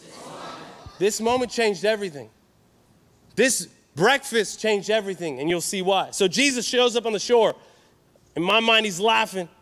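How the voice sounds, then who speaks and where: High-voiced energetic preacher man. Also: moderate pace. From California. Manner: energetic, call-and-response with the crowd. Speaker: youth conference preacher. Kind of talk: sermon. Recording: reverberant hall.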